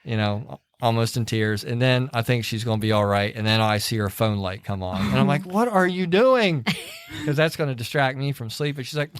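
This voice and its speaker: Animated storytelling man on a podcast. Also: mid-range voice, brisk, few pauses, clear, resonant tone. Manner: animated storyteller, acts out quoted voices, laughs through stories. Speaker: podcast co-host. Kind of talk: casual chat.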